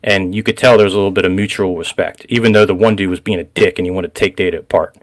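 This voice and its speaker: A man hosting a casual recap chat, rambling, laughing often and getting excited. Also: low voice, very fast. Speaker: podcast host.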